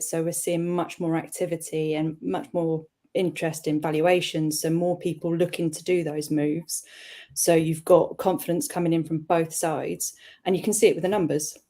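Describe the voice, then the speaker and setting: Flat, low woman estate agent. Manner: agreeable, explanatory. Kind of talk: casual chat.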